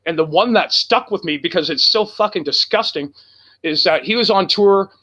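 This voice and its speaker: A man telling a profane, animated road story as a guest on a casual talk show. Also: high voice, moderate pace. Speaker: guest musician.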